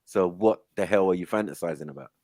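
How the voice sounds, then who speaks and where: A man's voice: deep voice, quick pace, darkish tone, no room sound. A man, casually bantering and joking with friends on a live panel, laughing often and using street slang.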